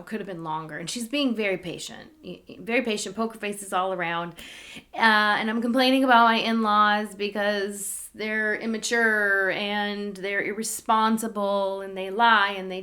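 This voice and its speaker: A woman shares a personal story in a candid, animated way. Her mid-range voice rises when she gets worked up and drops to soft, hushed asides. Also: mid-range voice. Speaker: spiritual channel host.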